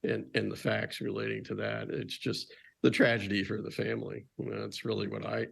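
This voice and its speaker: A male panelist on a news show, speaking slowly and carefully with small hesitations. His voice is very gravelly and husky, low and flat in pitch. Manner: measured, hesitant with fillers. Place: TV studio.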